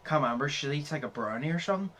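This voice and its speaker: Young male podcast co-host, brightly toned, loose and sweary, quick to laugh. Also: on the high side, expressive. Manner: swears freely, laughs often, retells comedy scenes. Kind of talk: casual podcast chat.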